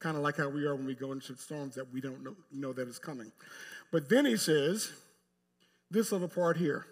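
Before a live congregation in church, a male pastor with a slightly high voice delivers his sermon emphatically. He takes long pauses and speaks straight to the people in the pews.

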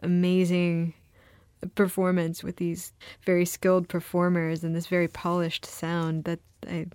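A woman's voice: fairly low pitch, monotone, measured pace, a little mellow, clear, resonant tone, no echo. A woman hosting a podcast interview, enthusiastic and curious as she asks questions. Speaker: podcast host. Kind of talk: casual interview chat.

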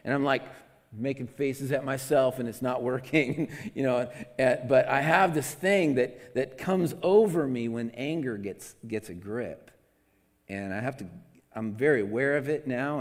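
A man preaching a conversational sermon into a microphone, candid and self-deprecating, with lots of restarts, swinging between loud and soft. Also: medium pitch, big-room sound. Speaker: pastor. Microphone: amplified microphone.

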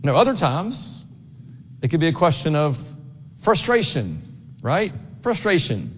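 A man's voice: a little high, huge pitch swings, unhurried, husky. A middle-aged man preaching a sermon in a church, talking conversationally and often asking the congregation "right?". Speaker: pastor. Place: church sanctuary. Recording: dull long-reverb church recording.

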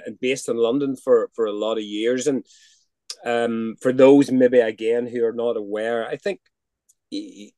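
Northern Irish male host, warm mellow tone, halting question style, dry close recording. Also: mid-range voice, dry recording. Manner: hesitant, repeats words while framing questions. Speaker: podcast host. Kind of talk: interview questions.

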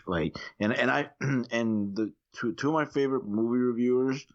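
A man chatting casually on a podcast, telling stories in a rambling way and often clearing his throat. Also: mid-range voice, moderate pace. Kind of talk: casual chat. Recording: dull lo-fi sound.

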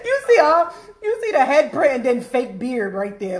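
Animated high-voiced woman podcast host. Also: unhurried, hardly any pauses, slight background noise. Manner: animated, laughing, talking to listeners. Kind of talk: casual chat.

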